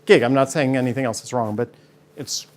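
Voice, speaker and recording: A man's voice: medium pitch, fairly quick. A man speaking as a guest before a studio audience, telling stories with energy and acting out the people in them. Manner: energetic, acts out voices when telling stories. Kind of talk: animated storytelling talk.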